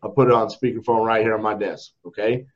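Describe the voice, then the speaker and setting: A man's voice: on the low side, level tone, fast talker, muffled recording. A man, a company CEO, telling a story in casual podcast chat, candidly, and often tagging his sentences with "right?". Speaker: company CEO and home buyer.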